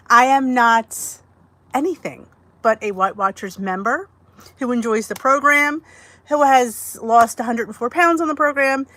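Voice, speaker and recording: A woman's voice: high-pitched, fairly bright tone, no echo. Chatty woman hosting a phone livestream. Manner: chatty, greets viewers by name. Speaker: livestream host. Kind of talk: casual livestream chat. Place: indoors.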